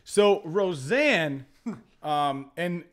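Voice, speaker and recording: A young man on a casual podcast, wandering through a story with plenty of "um"s and restarts. His voice sits a little higher than most men's. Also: lively intonation, extremely slow. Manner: rambling storyteller, many fillers and restarts. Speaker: podcast host.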